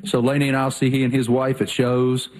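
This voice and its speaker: Man, from the Southern US, sports radio co-host, folksy, enthusiastic, mid pitch. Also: completely flat delivery, fairly quick, darkish tone. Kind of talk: casual sports chat.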